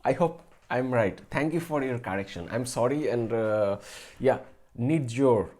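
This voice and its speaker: A man's voice: medium pitch, expressive, moderate pace, darkish tone. A man in his late twenties hosting a live stream about math, answering viewers casually and hesitantly, with many fillers, restarts and chuckles. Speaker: math channel host.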